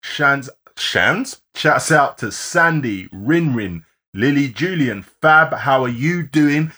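A man co-hosting a live-streamed podcast, rattling off listener shout-outs and laughing often. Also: medium pitch, animated, slow pace. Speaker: podcast co-host.

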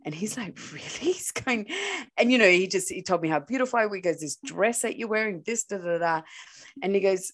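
A woman's voice: medium pitch, a little fast. A woman who works as a relationship coach, chatting casually and telling a personal story with lots of giggles and fillers. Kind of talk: casual podcast chat.

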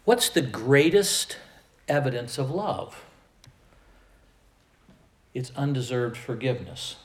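A man's voice: mid-range voice, lively intonation, roomy sound. A man from the American Midwest preaching a sermon, emphatic, with volume that swells and drops. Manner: slow, emphatic preaching with rising and falling volume. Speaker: pastor.

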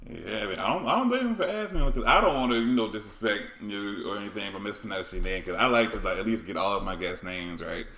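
A man's voice: on the low side, animated, fast talker, few pauses, bright, forceful tone. Easygoing guy asking curious questions, bouncy voice, echoey room. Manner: curious, laid-back questioning. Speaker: interviewer. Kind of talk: comedic interview sketch. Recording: roomy echo.

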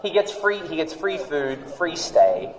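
A man with an Australian accent who runs a PR agency, chatting casually on a podcast in an animated, rambling way with lots of fillers. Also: fairly high pitch, unhurried, a little hiss or hum. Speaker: PR agency owner. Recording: echoey room with long reverb.

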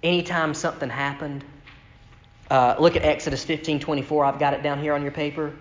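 A man's voice: on the high side, flat delivery, fairly quick. A man preaching a sermon in a conversational way, reading scripture aloud and acting out quoted complaints. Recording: echoey hall with long reverb.

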